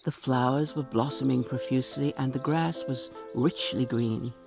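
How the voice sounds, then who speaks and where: A woman reading a short story aloud in a measured, expressive storytelling manner. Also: a bass voice, gravelly, over music. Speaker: audiobook narrator.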